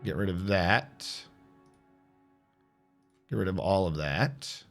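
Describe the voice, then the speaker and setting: Casting: low-voiced male streamer, chatty and relaxed, thinks aloud over plucked guitar music. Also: takes it slowly. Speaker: streamer playing a building game. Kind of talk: casual gameplay commentary. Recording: game stream with music behind.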